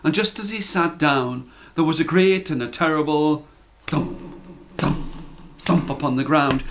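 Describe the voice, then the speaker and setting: Slow, deliberate male storyteller. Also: sits high. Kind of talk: storybook narration for children.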